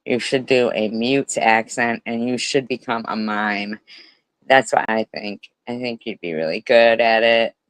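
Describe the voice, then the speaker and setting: A man talks over a clip with heavy sarcasm, mocking and swearing often. He speaks slowly and deliberately. His voice is recorded dry and close, with no room sound. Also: mid-range voice, steady tone, a bit bright, clean tone, no echo, rough recording. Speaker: commentary host. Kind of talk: profane reaction commentary.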